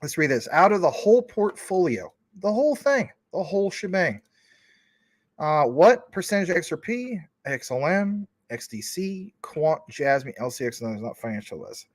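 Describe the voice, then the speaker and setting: A crypto livestream host with a slightly high, sing-song voice works through viewer comments at a normal speed. His delivery is loose and rambling, full of fillers, and the recording is dry.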